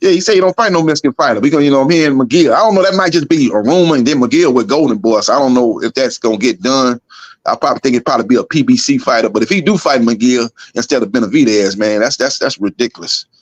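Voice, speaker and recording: A man talking boxing in casual conversation, rattling along at a brisk clip and often repeating himself. The recording is dry and slightly muffled, as if through a modest home mic. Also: mid-range voice, no room sound. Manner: fast, loose, repeats himself. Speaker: boxing podcast co-host. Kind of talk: casual chat.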